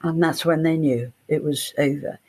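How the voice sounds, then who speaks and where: An older woman, a writer giving a guest interview, telling animated stories and acting out the voices of people she quotes. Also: sits low, normal speed. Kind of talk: storytelling in an interview.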